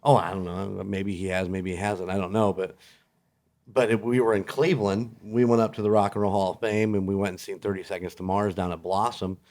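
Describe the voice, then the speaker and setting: A man filling in as a podcast co-host, easygoing in casual chat, laughing a lot and getting animated when he tells stories. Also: low voice, fairly quick.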